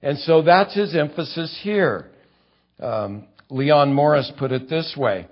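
A man's voice: a little high, expressive, slow. Earnest preacher man, lo-fi recording. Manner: earnest teaching, rising to fervent emphasis. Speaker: pastor. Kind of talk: expository sermon.

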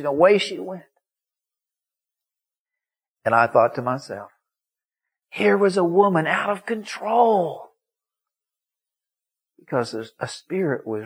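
Male preacher, husky voice, emphatic storyteller in a sermon. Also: fairly high pitch. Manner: emphatic storytelling, acts out quotes.

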